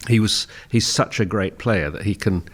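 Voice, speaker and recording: An older man from England, a guest on a radio show, telling a relaxed story and laughing often as he goes. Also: lowish voice, moderate pace. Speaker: guest musician. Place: radio studio.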